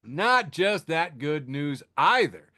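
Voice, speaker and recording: A man hosting a podcast in a casual, sardonic way, often breaking into laughter at his own jokes. His voice sits a bit high for a man. The sound is dry and close, with no room around it. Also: very animated, takes it slowly, pushed and bright, dry recording. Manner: filler-heavy, restarting. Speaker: podcast host. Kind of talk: casual news chat.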